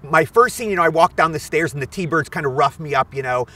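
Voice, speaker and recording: A man in his sixties tells stories fast and eagerly, his voice a bit higher than most men's. He sits back from the microphone, so the sound is distant and open. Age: 60s. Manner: animated, eager storyteller. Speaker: actor guest. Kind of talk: anecdotal storytelling. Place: outdoors at a film location.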